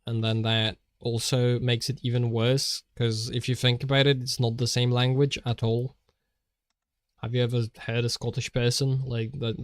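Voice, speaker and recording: A man's voice: mid-range voice, dry recording. Rambling, jokey man on a dry mic. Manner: jokey, rambling, laughs often, restarts. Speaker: streamer. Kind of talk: rambling stream chatter while drawing.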